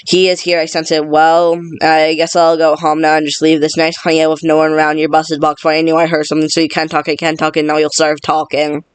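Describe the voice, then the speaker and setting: A man reading a film script aloud in a rapid, flat delivery, stumbling over words now and then. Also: a little high, clean tone, no echo. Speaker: reader.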